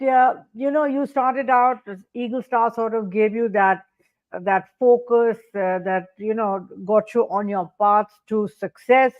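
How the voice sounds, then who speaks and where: Female interview host, high voice, unhurried and measured, slightly dull recording. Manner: measured, summing up the guest's points. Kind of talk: interviewing a guest.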